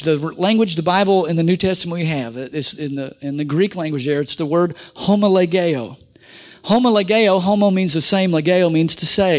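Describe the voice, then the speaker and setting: A middle-aged man, a pastor, preaches in a voice on the high side, swinging from forceful loud passages to hushed asides. Throughout, he asks the congregation for amens.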